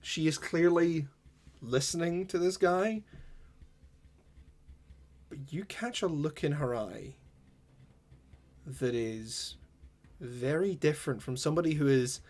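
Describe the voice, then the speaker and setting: A man narrating as game master in a measured, descriptive way. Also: medium pitch.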